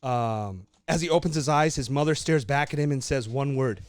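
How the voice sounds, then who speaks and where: A man's voice: medium pitch, moderate pace, dry recording. A young man co-hosting a podcast, casually telling a made-up story in a loose, swearing, laughing way. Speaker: podcast co-host.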